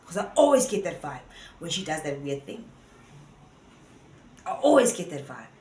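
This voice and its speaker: A woman giving casual opinion commentary, earnest and rambling as she thinks aloud. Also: medium pitch. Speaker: vlogger. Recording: roomy echo.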